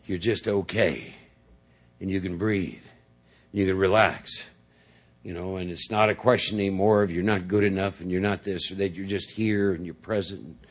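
A man's voice: low-pitched, normal speed. A middle-aged man speaking to a large audience at a recovery meeting, telling his story in a rambling way full of "you know" and "see?". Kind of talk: personal recovery talk to a group.

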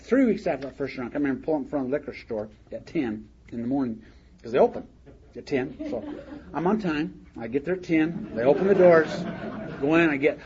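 A man's voice: on the high side, a little mellow, slightly rough. An older man sharing a humorous story of his own at a recovery meeting, in a folksy manner and laughing along with his own words. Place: meeting hall. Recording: dull lo-fi recording with faint hiss.

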